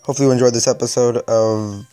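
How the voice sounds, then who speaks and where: A young man talks through a mobile game in a middle pitch, sounding exasperated and dryly sarcastic. Faint game music plays behind his commentary. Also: fairly even intonation, quick pace, dark tone, smooth. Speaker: gaming video host. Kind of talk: casual gameplay commentary.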